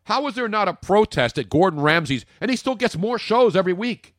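A man's voice: high voice, expressive, brisk, fairly bright tone, dry recording. Opinionated joking male podcast host, dry close mic. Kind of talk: casual sports chat.

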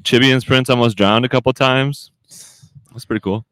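A man's voice: medium pitch, fairly even intonation, normal speed, fairly bright tone, smooth, dry recording. Crude rambling male podcast co-host. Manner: swears a lot, rambling storytelling. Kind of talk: crude casual banter.

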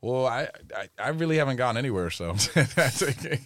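A man's voice: mid-range voice, expressive, moderate pace, fairly bright tone, dry recording, clean studio sound. A young man in casual chat, laid-back and slangy, laughing often and swearing freely.

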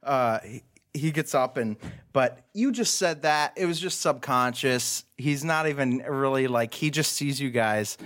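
A man's voice: mid-range voice, a little slow, a bit bright. A man running a tabletop game as game master, narrating in a loose, rambling way full of fillers. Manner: rambling, searching for words with fillers and laughs.

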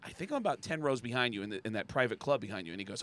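A man telling a long story in casual podcast chat, acting out quoted people and breaking into loud shouts. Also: medium pitch, very fast. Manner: animated, acts out quotes with loud shouting bursts.

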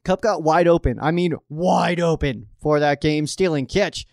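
A young man from Colorado, the host of a fan stream, reads out viewer questions and answers them in a rambling, excitable way, and he gets worked up easily. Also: a little high, a little slow, creaky, no room sound, studio quality. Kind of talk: casual livestream chat.

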